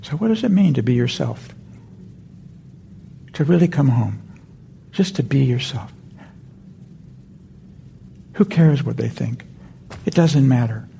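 Gravelly, gentle meditation teacher, a man. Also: mid-range voice, expressive, slow, pauses often, slight background noise. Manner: gentle, meandering, self-correcting. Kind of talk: dharma talk with a story. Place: meditation center hall.

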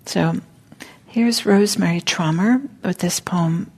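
A woman meditation teacher gives a dharma talk, her words soft and halting and often close to a whisper. Her voice sits fairly low with a gravelly, husky texture. She speaks at a meditation center.

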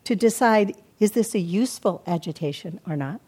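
An older woman teaching meditation in a calm, reflective dharma talk, often acting out her own inner self-talk. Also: mid-range voice, moderate pace, slightly rough. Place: meditation hall.

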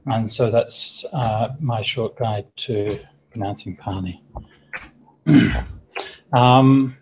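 A man, a Buddhist monk, answering questions in an online sutta class, relaxed and chatty with light humor. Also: lowish voice, very slow, background noise. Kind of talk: online teaching Q&A. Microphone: video call. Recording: dull lo-fi video call audio.

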